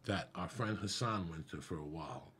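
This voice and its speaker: A middle-aged man, a comedian guest, telling a profane, animated story in casual podcast chat. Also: deep voice, normal speed, a little hiss or hum. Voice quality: gravelly, husky.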